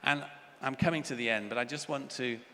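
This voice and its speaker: A man's voice: mid-range voice, brisk, sharp tone, slight background noise. An older man giving an earnest plenary lecture at a conference, telling stories as he speaks. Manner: earnest, storytelling with child voices. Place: large conference hall. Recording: reverberant hall, faint ambience.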